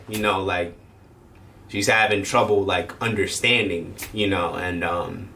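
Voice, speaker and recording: A man's voice: low voice, fairly even intonation, measured pace, gravelly, sharp tone. A young man, a firefighter and paramedic, telling a personal story in a rambling, slangy way with many fillers. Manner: rambling, lots of fillers, slangy, acts out quotes. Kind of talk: casual storytelling vlog.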